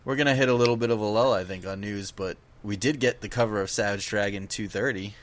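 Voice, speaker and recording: A man's voice: fairly low pitch, fast talker. A man co-hosting a casual comic book podcast, chattily recapping the latest news for listeners. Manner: chatty, recapping news, talks over others. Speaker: podcast co-host.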